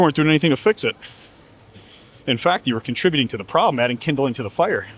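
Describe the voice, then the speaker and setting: Man, fitness coach, husky voice, very lively pitch, blunt and profane. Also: fast talker, long pauses. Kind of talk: motivational monologue.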